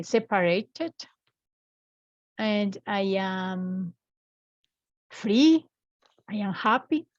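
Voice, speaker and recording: A woman's voice: mid-range voice, no echo, lo-fi sound. Patient woman teacher in her fifties. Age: 50s. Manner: slow, patient explaining with repeated examples. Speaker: English teacher. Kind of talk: online English class. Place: at home.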